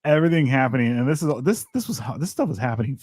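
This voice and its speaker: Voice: mid-range voice, big pitch swings, racing, a little mellow, no echo, clean studio sound. A podcast co-host in casual chat, joking around with crude humor.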